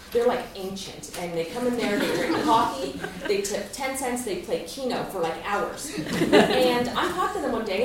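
A young woman from Alaska telling a personal story to a room, lively, laughing often and acting out what people said. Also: medium pitch, noisy background. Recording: echoey room, far from mic.

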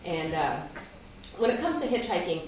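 A woman's voice: on the low side, normal speed. Young woman from alaska spinning a funny yarn, laughs a lot, super echoey room, kinda far from the mic, noisy. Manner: lively, laughs often, acts out quotes. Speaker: storyteller. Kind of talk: live personal storytelling.

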